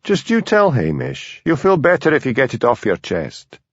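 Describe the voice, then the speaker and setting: A man voicing a patient village policeman who talks in a gentle, plain-spoken way. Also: mid-range voice, wildly swooping pitch, moderate pace, dry recording, pitched above the performer's own voice. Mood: calm. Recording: dull dry lo-fi audio.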